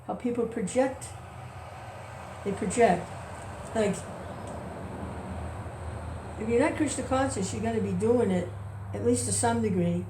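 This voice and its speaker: A woman's voice: mid-range voice, mellow, a little hiss or hum. Woman chanting and musing, roomy distant sound. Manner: rambling, chuckling, chants between thoughts. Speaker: devotee sharing reflections. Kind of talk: casual spoken reflection with chanting.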